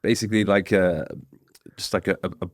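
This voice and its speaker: A young man hosting a podcast, speaking in a relaxed, hesitant way. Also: low-pitched, a little fast, no echo, clean studio sound. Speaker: podcast host. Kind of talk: casual conversational interview.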